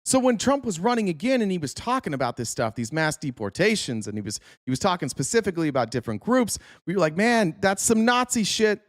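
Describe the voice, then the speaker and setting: A man's voice: a little high, big pitch swings, quick pace, few pauses, dry recording, clean studio sound. A man hosting a political commentary show, talking bluntly and sarcastically with frequent swearing.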